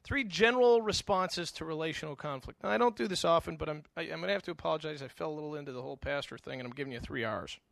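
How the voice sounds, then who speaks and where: A middle-aged man preaching in a casual, storytelling way, his voice high and bright. He stumbles over repeated words as he goes, animated and engaged. The sound is close and dry. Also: rapid-fire, creaky, hardly any pauses, dry recording. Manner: animated storytelling, with frequent stammered restarts. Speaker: pastor. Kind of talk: conversational sermon.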